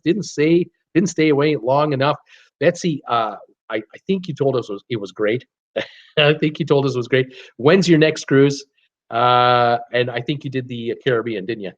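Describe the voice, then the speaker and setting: Speaking in a slightly high voice over a muffled recording, this Canadian man with a mild accent runs a casual cruise-channel stream from his computer room at home. He reads viewers' chat out loud and answers with frequent laughter, plenty of fillers, and restarts.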